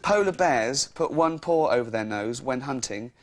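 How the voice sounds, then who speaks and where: A man's voice: mid-range voice, lively intonation, moderate pace, a crowd in the background. A man, a comedian rambling through jokes and laughing at his own lines. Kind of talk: stand-up style comic monologue.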